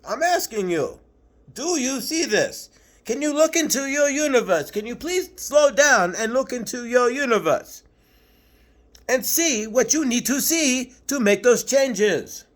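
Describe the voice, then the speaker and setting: A man's voice: very high voice, expressive, measured pace. A man channeling a patient, preachy male spirit master, lecturing through earnest rhetorical questions. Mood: earnest, urging.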